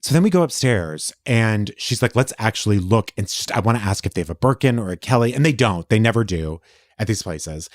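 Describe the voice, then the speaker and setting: A man co-hosting a podcast, telling a story in casual chat; he is animated, gets defensive fast and swears freely. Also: fairly low pitch, no room sound, clean studio sound. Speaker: podcast co-host.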